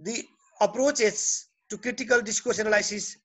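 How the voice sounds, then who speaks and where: A man's voice: sits high, fairly even intonation, moderate pace, fairly bright tone. A man lecturing a class in Nepali-accented English. He circles back over his phrases, repeats words and keeps asking whether the students follow. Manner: repeats and restarts phrases, checks in with "okay?". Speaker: teacher.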